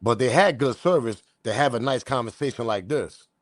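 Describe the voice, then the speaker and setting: A man's voice: medium pitch, moderate pace, no echo, clean studio sound. Blunt, slangy male commentary host. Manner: animated, blunt slang, talks straight to viewers. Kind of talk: casual commentary.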